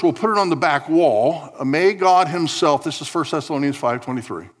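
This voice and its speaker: Male pastor, sermon delivery, drawn-out emphasis, quiet asides. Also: medium pitch, breathy edge. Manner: emphatic preaching, stretches key words, drops to quiet asides.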